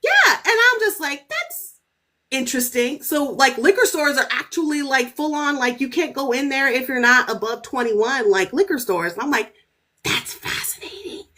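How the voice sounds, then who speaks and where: A woman author telling stories as a podcast guest in casual, animated chat, cursing freely. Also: high voice, moderate pace, hardly any pauses. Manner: animated, storytelling, swears freely.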